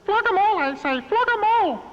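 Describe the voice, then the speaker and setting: Man doing a shrill, bloodthirsty master-at-arms. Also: lively intonation, normal speed. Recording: dull, echoey hall playback.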